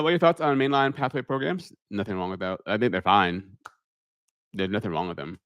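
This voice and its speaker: A man, an airline pilot, hosting a live question-and-answer stream from his home media room, reading viewer questions aloud and answering them in a deliberate public speaking voice into a studio microphone. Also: fairly low pitch, fairly bright tone, no room sound. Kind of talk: live Q&A stream, casual chat. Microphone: studio microphone on a holder.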